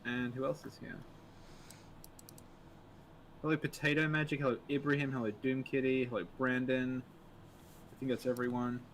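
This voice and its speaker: A man's voice: mid-range voice, flat delivery, moderate pace, long pauses, fairly bright tone, a little hiss or hum. A man co-hosting a casual live-stream Q&A, rambling and hesitant with dry humor, greeting viewers as he goes. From Australia.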